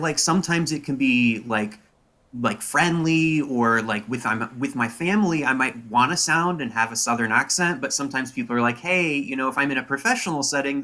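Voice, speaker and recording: Young male academic guest, laid-back explaining, bright forward tone. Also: mid-range voice. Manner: casual, many "like" fillers, explanatory. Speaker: linguistics professor. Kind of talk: interview answers.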